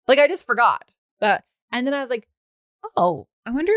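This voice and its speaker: A woman's voice: mid-range voice, lively intonation, racing, fairly bright tone, clear, resonant tone, no echo, clean studio sound. A woman hosting a podcast, chatting casually with a guest, laughing often and swearing freely. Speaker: podcast host. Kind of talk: casual chat.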